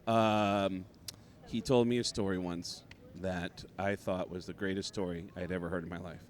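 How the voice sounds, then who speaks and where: Comedian dude telling a story, chatty, keeps jumping into voices. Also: male voice, sits low, moderate pace. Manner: animated storyteller, jumps into quoted voices. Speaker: comedian guest. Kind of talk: casual anecdote telling.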